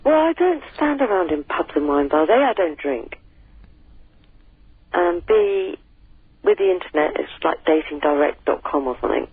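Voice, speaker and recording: A woman's voice: fairly low pitch, very animated, normal speed, breathy edge, dry recording. A woman calling in to a radio phone-in, playful and flirty. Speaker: caller. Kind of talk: phone-in call. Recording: tinny phone line, dry.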